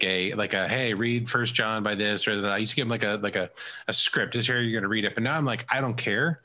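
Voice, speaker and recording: A man who leads a faith community, telling stories in a casual conversation and acting out quoted dialogue. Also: mid-range voice. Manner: animated storyteller who acts out quoted dialogue. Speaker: faith community leader and residency coach.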